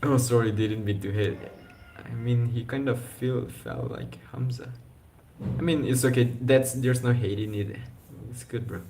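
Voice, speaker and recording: A man's voice: medium pitch, fairly even intonation, measured pace, noisy background. A young man chatting casually on a live stream, rambling with slang and restarts. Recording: echoey room.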